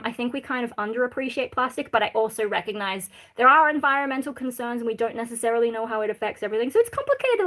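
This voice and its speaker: A woman's voice: high-pitched, fairly bright tone. Chatty Australian woman streamer. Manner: reads out and answers chat questions, many fillers. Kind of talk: casual livestream chat.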